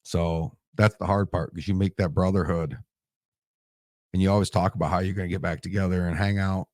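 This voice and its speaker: During a laid-back interview, a Marine veteran in his forties tears up while telling war stories, swearing and restarting as he goes. He speaks fairly quickly in a low, darkish voice with a steady tone, recorded at studio quality with no room sound.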